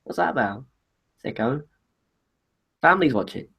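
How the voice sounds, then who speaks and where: Bright, husky, sarcastic man. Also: mid-range voice, animated, moderate pace. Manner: sarcastic, teasing. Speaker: co-host. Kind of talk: casual wrestling discussion.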